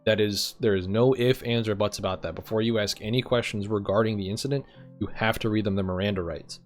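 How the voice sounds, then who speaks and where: A man in a roleplay game, playing a police sergeant who explains arrest procedure to recruits in a steady, methodical way with frequent ums. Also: on the low side, quick pace, soft background music. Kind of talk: instructional roleplay briefing.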